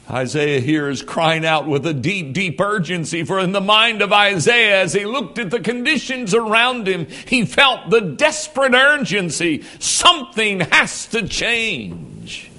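A man preaching from the pulpit, his bright, ringing voice rising and falling through a wide, lively melody. He reads scripture in a solemn, archaic cadence, then drops to a near hush before building to a shout. He leans on rhetorical questions to carry the congregation along. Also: sits high. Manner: dramatic, swings between hushed and shouting. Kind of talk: sermon with scripture reading.

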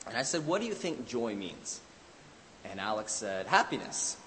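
Guy preaching in a church, mid-pitch voice, tells it big then goes quiet, bit of hiss. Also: very animated, moderate pace. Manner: dramatic storytelling with swelling emphasis and sudden drops. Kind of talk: sermon. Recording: hiss in a reverberant hall.

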